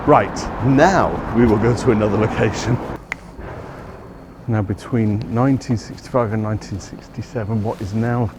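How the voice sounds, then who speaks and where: A man's voice: on the low side, steady tone, moderate pace. A man giving a chatty, rambling walking tour of city streets outdoors, often correcting himself. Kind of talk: casual walking-tour narration. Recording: outdoor street recording with traffic noise.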